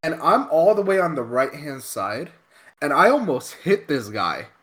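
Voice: medium pitch, sing-song, measured pace, a bit bright, breathy edge. A podcast co-host telling a road story casually, profane and exasperated.

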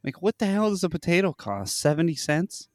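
A man's voice: a little high, big pitch swings, brisk, no room sound. A man hosting a podcast, chatting casually with crude, profane jokes and a lot of "dude".

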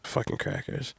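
A man's voice: dry recording, clean studio sound. A man hosting a podcast in casual, crude, rambling chat, joking around and slipping into silly voices. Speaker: podcast host.

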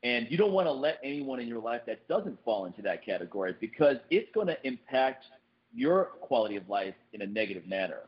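A man talks quickly in a relaxed podcast chat. He is lively and leaps up in pitch when he acts out what other people say. The recording sounds dull and lo-fi. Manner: animated, jumps up in pitch when quoting people. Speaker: podcast host.

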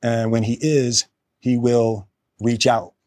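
Slow, halting man in his fifties. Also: mid-range voice, flat delivery, a little mellow, no echo. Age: 50s. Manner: halting, hesitant, pausing between words. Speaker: public figure giving an apology. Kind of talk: reading prepared statement to camera.

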